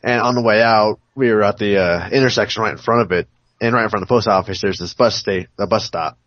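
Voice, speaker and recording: A man rambles through a story on a casual podcast call and swears freely. His voice is on the low side. The sound is dry and muffled, like a lo-fi call. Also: fast talker, fairly bright tone, no echo. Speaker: podcast co-host. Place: home on an online call.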